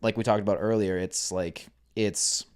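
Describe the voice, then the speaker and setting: A young man talks casually as a podcast guest, his voice sitting fairly low. He tells stories in an animated way and acts out the voices of the people in them. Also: normal speed, clean tone. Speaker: podcast guest, content creator. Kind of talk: casual chat.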